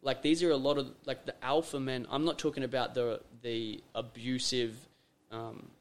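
An Australian man hosts a casual podcast chat in a voice of ordinary middle pitch. He talks emphatically and repeats his phrases for effect. He acts out little scenes as he explains his point. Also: little pitch movement, normal speed. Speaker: podcast host.

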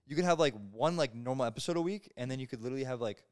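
A man's voice: mid-range voice, rapid-fire, clear, resonant tone. A young man in his twenties, a podcast guest, chatting casually and rambling with constant filler words.

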